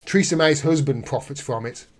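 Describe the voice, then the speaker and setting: A man's voice: mid-range voice, fairly quick. A man hosting a live political commentary stream, reading news aloud and reacting with indignant sarcasm.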